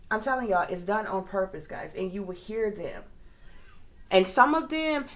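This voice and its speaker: A woman, a psychic reader and video creator, ranting to her viewers in casual, profane speech, often checking in with her listeners. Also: mid-range voice. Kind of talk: casual direct-to-camera rant.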